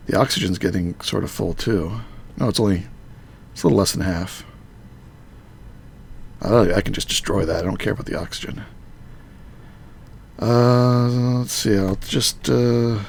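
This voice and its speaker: A man casually talking through a modded game on a live stream, muttering to himself with halting fillers. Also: lowish voice, gravelly, slight background noise.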